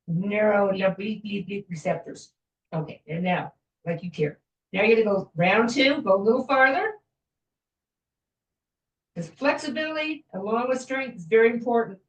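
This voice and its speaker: A woman fitness instructor guiding a floor stretching class in a gentle, chatty way, with small jokes about herself. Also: mid-range voice, normal speed, pauses often, far from the mic. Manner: gentle, chatty, self-joking with little laughs. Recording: echoey room, voice from afar.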